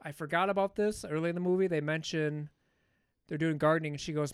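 A man's voice: a little high, fairly even intonation, quick pace, smooth, no room sound, studio quality. A man co-hosting a podcast, casually recapping a film in a rambling, profane storytelling way. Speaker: podcast co-host. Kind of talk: casual movie recap chat.

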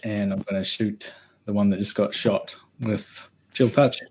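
A man's voice: fairly low pitch, steady tone, measured pace, a little mellow, a little hiss or hum. A man playing a tabletop role-playing game, casual and playful. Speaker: player.

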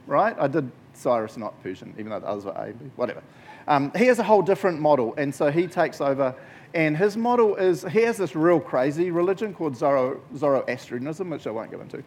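A man's voice: on the high side, brisk. A man giving a casual, jokey Bible talk to a group as a youth preacher. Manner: jokey, conversational, animated storytelling.

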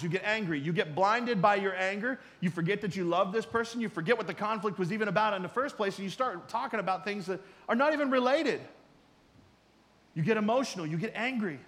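A middle-aged man preaching a sermon in a conversational way, swinging from loud emphasis to quiet asides. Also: high voice, big-room sound. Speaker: pastor.

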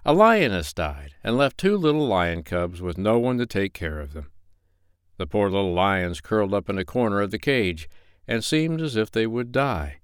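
A man reading a children's animal story aloud in a lively, expressive way. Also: fairly low pitch, moderate pace, clear, resonant tone, no room sound, clean studio sound. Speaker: narrator.

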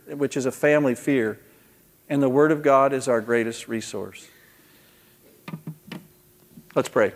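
A man giving an earnest sermon-style talk at a conference, telling a story with frequent restarts and ending in prayer. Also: medium pitch. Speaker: conference speaker. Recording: long hall reverb.

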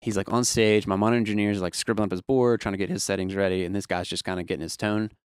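A man who works as a production manager, talking candidly in a casual interview and telling animated stories with some casual swearing. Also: lowish voice, rapid-fire, clear, resonant tone, dry recording, clean studio sound. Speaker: production manager at a music venue.

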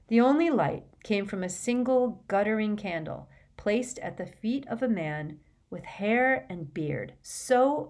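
Woman narrating a fantasy audiobook. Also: fairly low pitch.

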